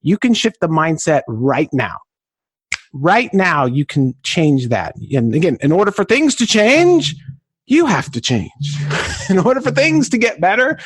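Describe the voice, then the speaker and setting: A middle-aged man from southern California, a podcast guest telling stories in an exclamatory, high-energy way. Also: slightly rough, no room sound. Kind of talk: enthusiastic storytelling.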